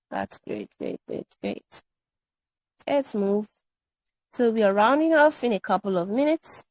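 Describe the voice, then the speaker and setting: A woman teaching an online English grammar workshop, animated and playful, drilling example sentences again and again. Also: mid-range voice, no echo, low-quality recording.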